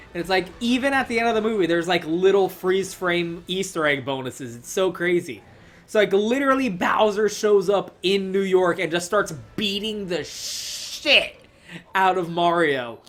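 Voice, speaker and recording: A young man talks his way loosely through a movie review, his voice sitting a bit higher than most men's. He swears freely, laughs often and keeps stringing thoughts together with "like" and "you know". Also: fairly bright tone. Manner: rambling, swears, filler-heavy, laughs a lot. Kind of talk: casual rambling review.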